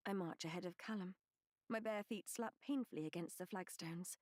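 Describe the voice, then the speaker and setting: A woman reading a first-person novel as an audiobook narrator, measured and expressive. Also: fairly low pitch, no echo, studio quality.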